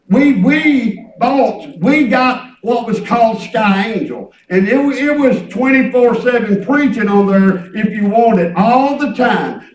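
High preacher guy, sermon, echoey church, mic kinda far off. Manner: emphatic preaching with hallelujahs, drops to a low aside. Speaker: pastor. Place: church sanctuary.

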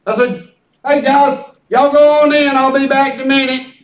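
A man preaching in a folksy, animated way, telling stories in a church. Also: extremely high pitch, normal speed. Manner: folksy, animated, peppered with "praise God". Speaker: pastor. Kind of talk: sermon storytelling. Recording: echoey church from far off.

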